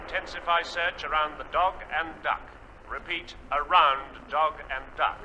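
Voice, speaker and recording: An actor playing a police radio announcer in a 1950s radio comedy, with a clipped, formal bulletin delivery. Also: male voice, on the high side, fairly even intonation, normal speed, close to an everyday voice. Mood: officious. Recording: old radio broadcast with faint hiss.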